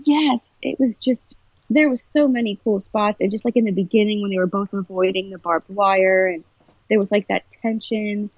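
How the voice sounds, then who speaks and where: A woman's voice: mid-range voice, steady tone, moderate pace, no room sound. A woman chatting casually on a podcast, telling a story with emotion and animation. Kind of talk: casual chat. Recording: husky voice over a tinny phone-like line.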